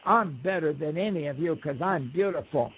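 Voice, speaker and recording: A man's voice: on the high side, normal speed, slightly rough. A man voicing a vain, boastful male buzzard in a folk tale, told over a phone line. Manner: bragging, then shrieking to be let out. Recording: tinny phone line on radio.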